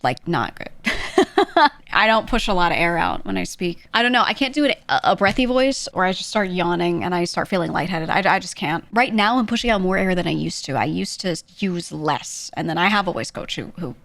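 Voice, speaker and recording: A woman livestreamer chatting casually with viewers, talking quickly and saying a lot on one breath, voice slightly projected into her microphone. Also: fairly low pitch, lively intonation, creaky, fairly bright tone, no echo. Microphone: streaming microphone.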